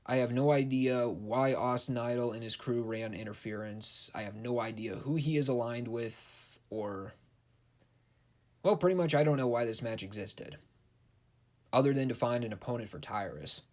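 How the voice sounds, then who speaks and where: A man's voice: medium pitch, moderate pace. A young man giving a casual, blunt and sarcastic recap of wrestling shows, swearing freely. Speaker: wrestling show reviewer.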